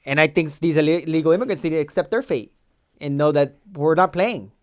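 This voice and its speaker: A man plays a cocky young immigration agent with a Los Angeles valley accent, rambling on in an improvised comedy sketch. He sounds defensive, slangy and boastful, and his voice sits a little higher than most men's. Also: quick pace, close to an everyday voice. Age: 20s. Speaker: podcast co-host.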